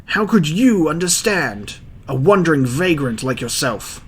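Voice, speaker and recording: A man voicing a panicky, middle-aged male town mayor while reading a manga aloud, with a shrill, pleading, nervous delivery. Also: big pitch swings, unhurried, husky, exaggerated voice. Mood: defensive.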